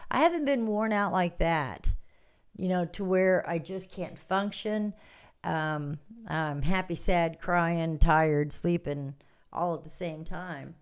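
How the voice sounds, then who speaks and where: A woman's voice: on the low side, takes it slowly, clear, resonant tone. A woman hosting a casual morning livestream, telling a story to her viewers and laughing often as she talks. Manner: chatty and animated, laughs often, reads out viewer comments. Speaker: livestream host. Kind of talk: casual storytelling to a live audience.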